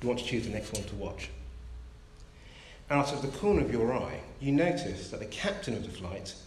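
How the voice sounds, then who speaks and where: A man preaching a sermon, telling a story in a measured, gentle way. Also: medium pitch, sing-song, slight background noise. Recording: roomy echo.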